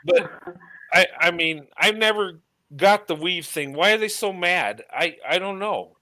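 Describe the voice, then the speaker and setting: A man's voice: sits high, expressive, measured pace, sharp tone, poor audio. A man in a casual chat who talks hesitantly and restarts his sentences.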